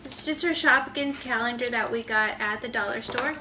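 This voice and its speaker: A homeschooling mother with a high, light voice, talking gently and warmly praising each small step. She speaks casually to her child and the camera at home. A steady hiss of noise sits clearly under the recording. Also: normal speed. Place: family home.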